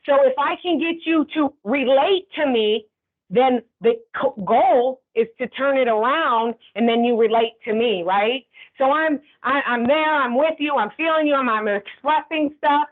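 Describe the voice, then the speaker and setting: High-voiced woman teaching a class. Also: a little slow. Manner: conversational, checks in with "right?" often. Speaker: instructor. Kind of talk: classroom training lecture. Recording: tinny phone-like sound.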